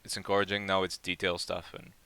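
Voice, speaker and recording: Deep-voiced man in casual chat. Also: flat delivery, quick pace, pushed and bright, smooth. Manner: rambling and chatty, with many fillers and repeats. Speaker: project lead hosting a community AMA.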